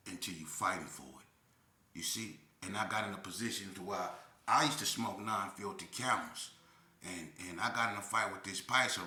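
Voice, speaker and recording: An older man telling a street story in a casual, animated way, often checking in with "right?". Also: lowish voice. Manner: animated, keeps asking "right?". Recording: roomy echo.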